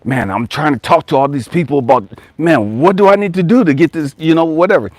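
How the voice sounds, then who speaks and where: A man's voice: fairly high pitch, fairly quick, no echo. A man giving a motivational spiritual talk as a coach. He repeats his exhortations emphatically, tells stories in a slangy, conversational way, and swears casually.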